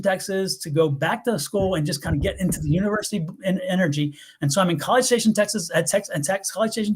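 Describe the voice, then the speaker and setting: A middle-aged man from the US East Coast, hosting a live tarot stream and telling stories in an animated, rambling way full of restarts. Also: high voice, slightly rough. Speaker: tarot reader and livestream host. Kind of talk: casual live-stream chat.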